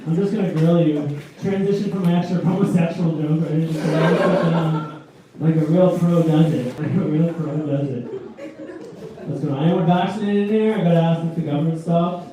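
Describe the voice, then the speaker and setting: A man's voice: a little high, fairly quick, mellow, a little hiss or hum. Crude young man doing stand-up in a club. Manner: crude, provocative, teasing the audience. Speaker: stand-up comedian. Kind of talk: stand-up crowd work. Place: small comedy venue with a live audience. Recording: echoey club from a distance with crowd.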